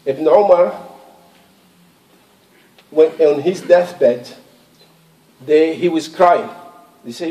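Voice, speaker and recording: A man's voice: a little high, takes it slowly, pauses often, mellow. Man preaching in an echoey mosque. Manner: conversational, repeats words, quotes scripture in recited Arabic. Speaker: imam. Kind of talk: Friday sermon. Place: mosque prayer hall. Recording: echoey, distant room recording.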